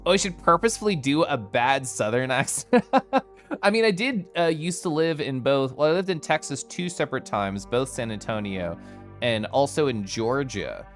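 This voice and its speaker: Lively, chatty young male streamer. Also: medium pitch, moderate pace, faint music behind. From United States. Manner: energetic and chatty, giggly asides. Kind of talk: casual live-stream chat, reading chat aloud.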